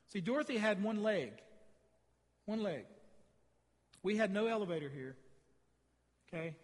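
Animated preacher in a reverberant church. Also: male voice, sits high, moderate pace, long pauses. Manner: animated storytelling preacher, swings between loud emphasis and quiet. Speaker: pastor. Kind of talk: sermon. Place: church sanctuary. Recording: long hall reverb.

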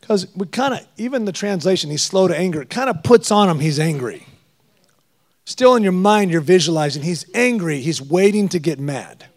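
A middle-aged man preaching a guest sermon, animated and storytelling with jokes. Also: high-pitched, normal speed.

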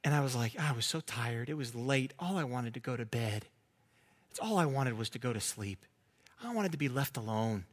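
A man preaching a sermon as pastor, earnest, at times dropping to a soft hush. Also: mid-range voice, lively intonation, normal speed.

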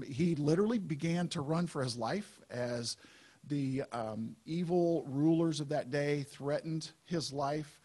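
A man preaching a sermon as pastor, in a conversational, unhurried way with frequent fillers. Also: on the high side, darkish tone.

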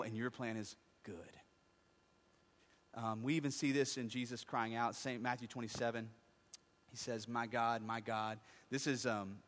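The medium-pitched voice of a pastor fills a large, reverberant hall as he preaches. He puts questions to his congregation and answers them himself, alternating between quiet asides and loud, impassioned stretches.

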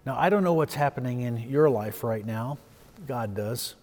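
A man preaching a sermon as pastor, telling a story and swelling with emphasis before dropping soft. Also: mid-range voice, lively intonation, normal speed, in a large hall.

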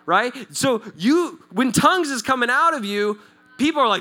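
Man, pastor, high bright voice, swoops up and down, jokes and laughs through a chatty sermon. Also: normal speed, soft background music. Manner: lively, joking, laughs often, addresses the audience directly; repeats and restarts words when excited. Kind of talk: conversational sermon.

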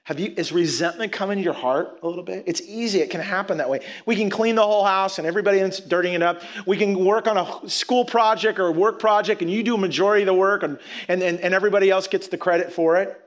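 A man preaching a conversational sermon, acting out little scenes and quoting characters in lively voices. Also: high-pitched, fast, few pauses. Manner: animated, conversational, acts out quotes. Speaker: pastor.

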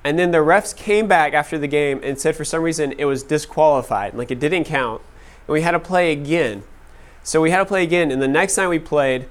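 A man in his thirties teaching a class, telling personal stories casually with lots of "like" fillers. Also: a little high. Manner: casual, many "like" fillers, laughing at own stories. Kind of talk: storytelling talk to a class.

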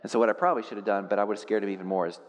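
With a lowish voice and a racing delivery, a man preaches as pastor, mixing storytelling and self-mocking humor with swings from quiet thought to loud animation. There's a long reverb tail and slight background noise.

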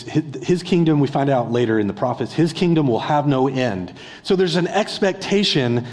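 A middle-aged man delivers a conversational sermon, checking in with his listeners through rhetorical questions. His voice sits at an ordinary mid pitch. It carries the long reverb of a large church hall. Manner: conversational preaching with rhetorical questions, acts out a beggar's yelling. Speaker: discipleship pastor.

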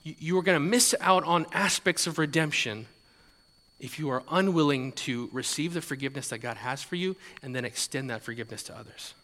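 A male pastor preaches in a casual, conversational way, stumbling over repeated words and chuckling now and then. His voice is bright and forceful, and it is a little higher than most men's. A long hall reverb trails every phrase. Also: a little fast. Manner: conversational, repeats words, laughs lightly, acts out quotes. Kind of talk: sermon.

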